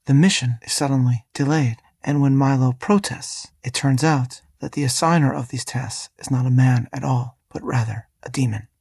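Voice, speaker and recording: Gravelly, husky rabbi hosting a podcast. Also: male voice, mid-range voice, fairly even intonation, darkish tone, dry recording, clean studio sound. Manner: measured, deliberate reading. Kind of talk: scripted podcast lesson.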